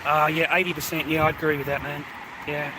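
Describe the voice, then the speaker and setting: An older man rants to his viewers, aggrieved and profane, circling back over the same complaints again and again. His voice sits fairly high for a man. Loud street and car noise runs under the recording. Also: little pitch movement, brisk. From Australia. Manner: aggrieved, profane, repetitive ranting. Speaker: vlogger. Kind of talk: casual rant to camera.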